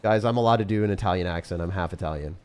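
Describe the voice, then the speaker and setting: Streaming a game live, a young man gives racing, play-by-play commentary in loose, jokey, slangy banter punctuated by sudden shouts. His somewhat low voice sounds clear and resonant over a faint music bed.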